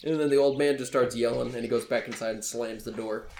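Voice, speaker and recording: A man's voice: mid-range voice, fairly even intonation, fast talker, a little mellow. A man narrating as game master for a tabletop game, describing scenes in a loose, jokey way with many fillers. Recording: echoey room, faint background noise.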